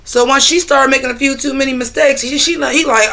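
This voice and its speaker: A man's voice: extremely high pitch, fairly even intonation, fairly quick, creaky, pushed and bright. A man hosting a casual livestream on his phone, talking loosely and profanely while answering his chat. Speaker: livestream host.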